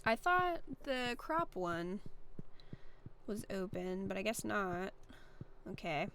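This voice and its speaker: A woman's voice: medium pitch, very animated, takes it slowly, fairly bright tone, a little hiss or hum. A young woman streamer chatting casually while playing, reading viewer comments aloud with a playful, filler-heavy way of talking. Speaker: gaming streamer.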